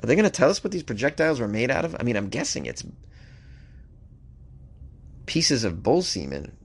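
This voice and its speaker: Man, comedic news host, wry asides, mid-pitched voice, reads then riffs. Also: wildly swooping pitch, moderate pace, gravelly, husky. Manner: wry, joking asides between read news stories. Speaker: podcast host.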